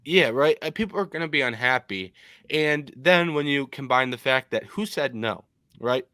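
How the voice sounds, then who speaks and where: Young male podcast co-host, animated and opinionated, mid-pitched voice, dry close mic. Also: normal speed, no room sound. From Michigan. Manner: animated, opinionated, frequent ums. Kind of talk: casual podcast chat.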